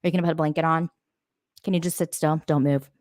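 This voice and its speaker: Lady doing a needy pestering house cat voice, low and quiet. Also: steady tone, fast, no room sound, studio quality, close to an everyday voice. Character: clingy, demanding house cat.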